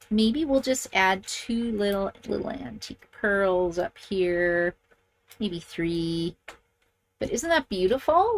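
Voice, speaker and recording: A middle-aged papercraft demonstrator with a slightly bright, mid-range voice walks through card making in a relaxed tutorial. Chatty and enthusiastic, she thinks aloud while she works.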